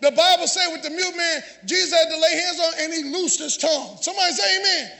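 Male pastor, very high bright voice, call-and-response sermon, long church reverb. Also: fast, gravelly. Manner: call-and-response preaching, often shouting. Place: church sanctuary.

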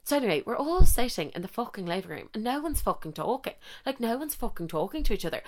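A young Irish woman hosting a podcast, telling a story in a crude, profane, animated way. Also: a little high, fast talker, few pauses. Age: young adult. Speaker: podcast host. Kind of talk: casual storytelling.

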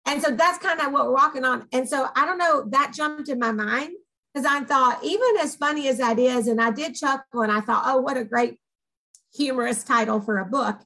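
A woman with a Southern accent, co-hosting a casual talk show and telling stories in an animated, rambling way. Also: sits high, brisk, poor audio. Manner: animated, upbeat, rambling storyteller. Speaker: podcast co-host, organization co-founder. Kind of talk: casual chat.

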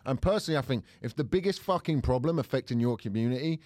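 A man's voice: mid-range voice, animated, fast talker, a little mellow, dry recording, clean studio sound. A man with a South London accent, co-hosting a podcast in a blunt, sweary, opinionated casual chat. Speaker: podcast co-host.

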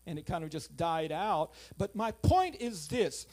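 A man preaching a sermon, telling a family story, then driving home points with loud emphasis and quiet asides. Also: high-pitched, moderate pace, hardly any pauses. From South Louisiana.

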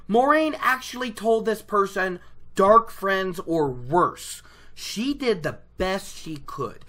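A person chatting casually about a book chapter, rambling off on tangents and slipping into quick quoted voices. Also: mid-range voice, pushed and bright. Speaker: book reviewer.

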